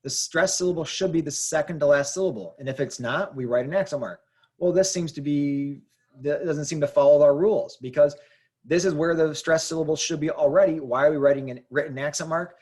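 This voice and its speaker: A man's voice: a little high, a little mellow. Patient man teaching Spanish accents. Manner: patient, repeats example words slowly. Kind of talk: explaining grammar to learners.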